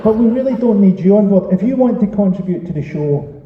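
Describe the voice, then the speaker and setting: Sweary stand-up, roomy live recording. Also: male voice, high-pitched, animated, brisk. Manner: sweary, sardonic, teasing the crowd. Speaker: stand-up comedian. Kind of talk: stand-up set with crowd work. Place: live comedy venue on stage. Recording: roomy, distant, lo-fi live recording with crowd noise. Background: audience laughter and chatter.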